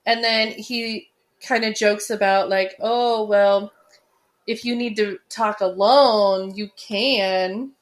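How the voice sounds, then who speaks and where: A woman's voice: mid-range voice, steady tone, takes it slowly. A woman co-hosting a podcast, casually recapping a horror film in a chatty way with many fillers. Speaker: podcast co-host.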